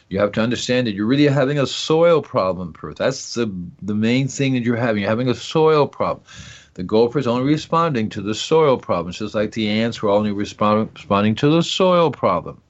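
Rambling, jokey radio garden-show host. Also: male voice, fairly low pitch, lo-fi sound. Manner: rambling, jokey, talks to himself. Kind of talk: casual call-in gardening talk.

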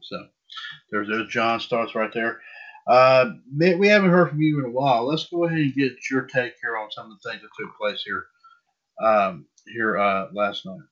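A man's voice: medium pitch, moderate pace, a bit bright. A man co-hosting a wrestling podcast, chatting casually and stumbling over names. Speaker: podcast co-host. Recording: dull lo-fi sound.

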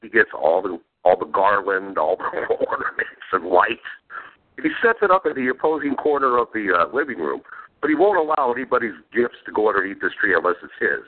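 Male podcast host, lively swooping voice, profane, laughing storyteller, tinny phone-like sound. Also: fairly low pitch, brisk. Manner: profane, laughing while telling stories. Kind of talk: casual storytelling chat.

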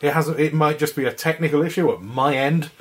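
A man's voice: fairly high pitch, brisk. A man co-hosting a casual podcast chat from home, talking loosely and laughing often as he goes. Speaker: podcast co-host. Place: flat at home.

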